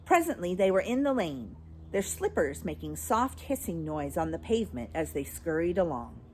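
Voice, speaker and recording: A woman reading a children's book aloud, in an expressive storytelling way. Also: on the low side, normal speed, slight background noise. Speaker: storybook reader.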